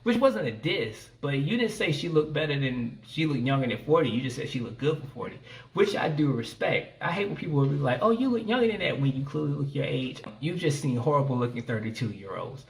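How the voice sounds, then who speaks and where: A man comically recapping a scene with deadpan delivery and crude asides. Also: mid-range voice, a little fast, recorded from a distance, slight background noise. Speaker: comedian presenting a recorded clip.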